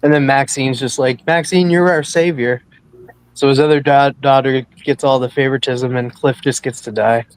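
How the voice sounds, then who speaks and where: Casual co-host, male, relaxed and agreeable, dry sound. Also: mid-range voice, moderate pace, smooth, no echo, low-quality recording. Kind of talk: casual chat.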